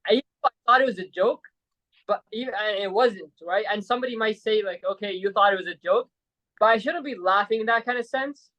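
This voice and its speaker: A man's voice: high voice, brisk, lo-fi sound. A man from Saudi Arabia, a podcast guest telling a story in a casual chat, rambling with lots of fillers and tag questions. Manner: rambling, peppered with "like" and "right?".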